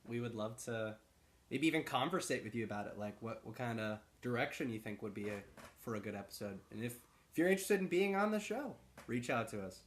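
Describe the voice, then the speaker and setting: A man co-hosting a podcast in relaxed, rambling casual chat, laughing easily. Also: medium pitch, fairly quick, slight background noise. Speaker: podcast co-host.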